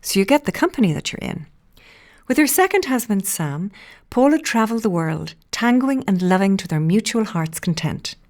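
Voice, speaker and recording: A woman's voice: mid-range voice, very animated, moderate pace, darkish tone, dry recording, studio quality. Ornate, theatrical woman podcast host. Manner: ornate, theatrical, wordplay-loving delivery. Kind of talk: scripted podcast introduction.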